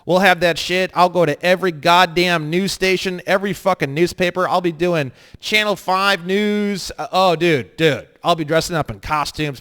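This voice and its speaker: A man teaching an online course in a crude, joking way, swinging between low muttering and loud, excited rants. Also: normal speed, hardly any pauses. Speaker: online legal course instructor. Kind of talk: profane, rambling screen-share lesson.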